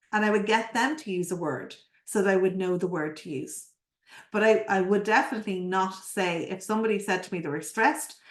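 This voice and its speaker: Energetic woman coach in a roomy echo. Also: mid-range voice. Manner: energetic, asks the audience rhetorical questions. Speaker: NLP coach and presenter. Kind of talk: live online presentation.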